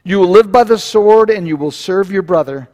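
Solemn old dad handing out a blessing, raised voice, preacher reading him out. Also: male voice, sits high, moderate pace, darkish tone, long reverb tail, pitched above the performer's own voice, natural voice. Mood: grave. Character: old blind father, solemn and shaken.

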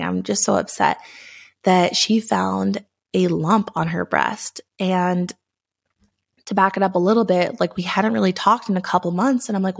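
A young pregnant woman hosting a podcast, telling a personal story in an earnest, emotional and animated way. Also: lowish voice, creaky. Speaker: podcast host.

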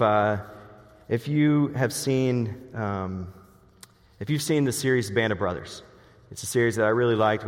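A man preaching a sermon as a pastor in an earnest way, slowing down on key words and often restarting his sentences. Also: mid-range voice, big-room sound.

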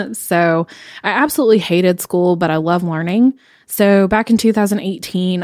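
A woman's voice: fairly low pitch, a little mellow, no room sound, studio quality. A young adult woman co-hosting a podcast, introducing herself in a chatty, upbeat way with frequent "so" and "um". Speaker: podcast co-host. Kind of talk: casual self-introduction.

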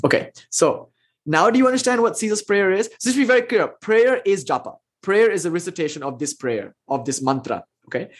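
A man's voice: high voice, expressive, fairly quick, slightly rough. A man teaching a class on spiritual practice, explaining ideas and reading aloud from a text, with playful asides.

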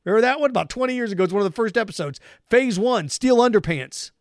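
A man with a high, bright voice hosts a sports talk monologue in a sarcastic, mocking tone. The sound is dry and close to the mic, with no room around it. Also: fast, no room sound. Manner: sarcastic, mocking, animated rants.

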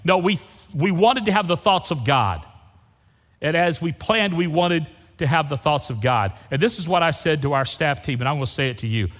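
Folksy older pastor preaching. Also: male voice, a little high, normal speed. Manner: folksy, animated preaching with questions to the congregation. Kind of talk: sermon. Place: church sanctuary. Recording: long hall reverb.

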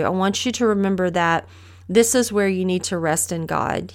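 Her voice is fairly low, steady in tone and moderately paced. As a middle-aged podcast host, she teaches a casual, earnest devotional Bible lesson and asks her listener questions.

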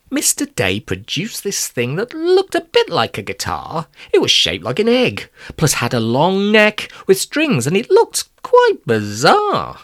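A man's voice: on the high side, unhurried, hardly any pauses, no echo, studio quality, faint music behind. A man narrating a rhyming children's storybook aloud. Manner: lively rhyming read-aloud, voicing every character. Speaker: narrator and author-reader.

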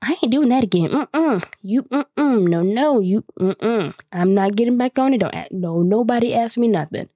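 A woman's voice: on the high side, moderate pace, few pauses. A woman quoting a stubborn shaken aunt. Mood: adamant. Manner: flat adamant refusals with mm-mm. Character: shaken middle-aged aunt refusing a ride again.

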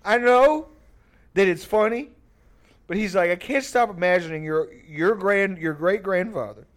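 A man's voice: high-pitched, measured pace. Profane rambling male storyteller. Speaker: podcast host. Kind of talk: casual storytelling.

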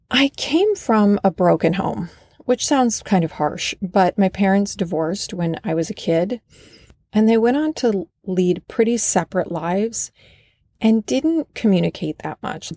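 A woman's voice: lowish voice, vocal fry, dark tone, no room sound. A woman hosting a podcast, telling a personal story in an earnest, enthusiastic way. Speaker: podcast host.

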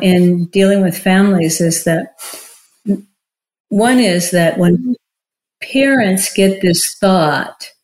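Woman, lowish pitch, very slow and measured, counselor in conversation. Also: a little mellow, poor audio. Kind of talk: casual conversation.

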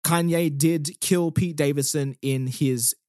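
A man's voice: fairly high pitch, steady tone, measured pace, dark tone, dry recording, clean studio sound. A man hosting a podcast, casually and easily walking through the week's news. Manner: easygoing, walks through news stories. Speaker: podcast host.

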